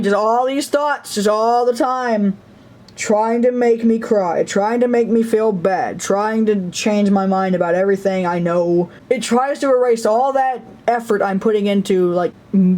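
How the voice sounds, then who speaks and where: A woman's voice: mid-range voice, warm tone. A woman talking casually in a personal vlog, rambling and self-mocking, often laughing and acting out voices in her stories. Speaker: vlogger.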